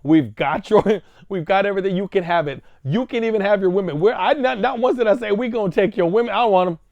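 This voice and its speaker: A man's voice: high-pitched, fast talker, vocal fry, a little mellow, no echo, lo-fi sound. A man ranting in a provocative vlog monologue, hammering the same rhetorical questions. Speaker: vlogger.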